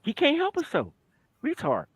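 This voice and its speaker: A man's voice: very high voice, wildly swooping pitch, normal speed, no room sound. A man co-hosting a live stream who argues angrily and swears constantly. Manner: angry, profane trash talk. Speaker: co-host. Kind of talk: heated live-stream argument.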